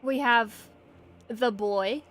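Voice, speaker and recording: A woman's voice: on the high side, extremely slow, a bit bright. A woman with a slight New Zealand tinge, chatting casually with stream viewers while painting miniatures, joking and self-mocking. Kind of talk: casual live-stream chat answering viewers. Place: dark room at home at night.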